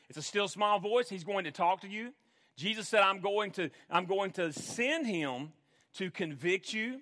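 Emphatic high-voiced man preaching in a hall. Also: sharp tone. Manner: earnest, emphatic, repeats phrases for stress. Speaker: pastor. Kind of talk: sermon. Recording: long hall reverb.

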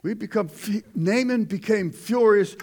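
High-voiced man preaching a sermon. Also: a little slow, breathy edge. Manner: conversational preaching, swings from loud to hushed. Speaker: pastor.

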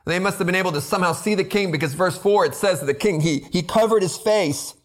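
A man's voice: high-pitched, quick pace. A man preaching an expository sermon, earnest and building to emphatic rhetorical questions, often repeating words as he presses a point. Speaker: pastor.

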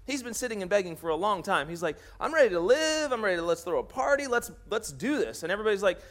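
Male pastor, high voice, wide swings in pitch, acts out the characters' lines, jokey sermon delivery. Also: fairly bright tone. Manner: jokey, laughs at his own jokes.

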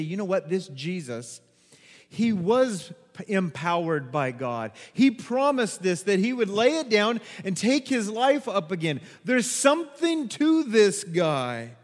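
A man preaching a sermon as a pastor, telling a personal story with animated delivery, acting out quotes and laughing at himself. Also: sits high, unhurried, big-room sound.

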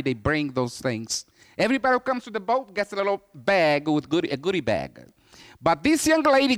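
A man from Brazil preaching as a missionary, telling stories and acting out the voices of people in them. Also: high voice. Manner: animated storyteller, acts out quoted voices. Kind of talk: sermon storytelling.

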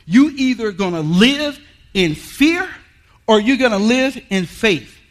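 A man preaching a sermon in a folksy, emphatic way, repeating lines and rising to shouts. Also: high voice, sing-song, takes it slowly. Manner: folksy, colloquial. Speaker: guest preacher.

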